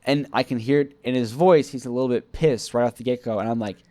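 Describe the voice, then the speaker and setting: In a casual monologue, a young vlogger recounts a personal work story, rambling, putting himself down, and acting out what people said. He talks fast with a warm, medium-pitched voice, and there's no echo.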